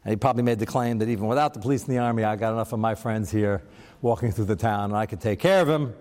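A man's voice: lowish voice, very fast, darkish tone, long reverb tail. A man teaching a scripture lesson, chanting verses aloud and then explaining them in casual, wry asides, with an American accent. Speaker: Torah teacher. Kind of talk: text study lesson.

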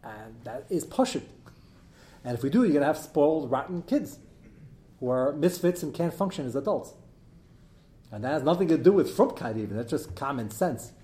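A middle-aged man teaching a live class as its rabbi, animated and joking, with many fillers as he digresses. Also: fairly high pitch, normal speed, long pauses, roomy sound. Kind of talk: live lecture to an audience.

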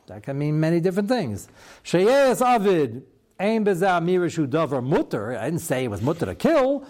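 A man teaching a Talmud class, mixing Hebrew terms into a lively lecture and acting out quoted exchanges. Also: normal speed. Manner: animated, acts out quoted exchanges with shifting pitch.

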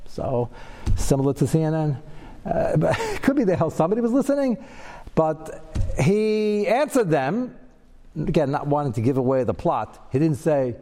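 A man gives a Torah class lecture in a mellow, relaxed voice. He is animated and leaps into a high pitch when he acts out quoted lines. His words carry a long reverb, as in a hall. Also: moderate pace. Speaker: Torah teacher.

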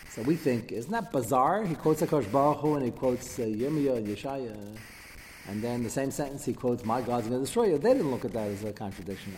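A man giving a Torah class lecture, taking questions and acting out the quotes he reads with quick asides. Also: medium pitch. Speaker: rabbi teaching a class. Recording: reverberant hall with faint background noise.

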